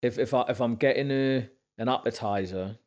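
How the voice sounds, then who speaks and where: A man's voice: mid-range voice, a little mellow. A man, a guest on a podcast, chatting casually in an easygoing, agreeable way. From Newcastle, England. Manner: easygoing, agreeable, quick to laugh. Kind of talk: casual chat.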